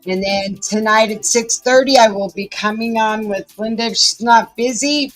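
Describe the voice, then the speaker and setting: A woman's voice: on the high side, fairly even intonation, normal speed, faint music behind. A woman with a Southern US accent hosting a live stream from home, chatting folksily with viewers. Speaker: livestream host. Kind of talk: casual live commentary.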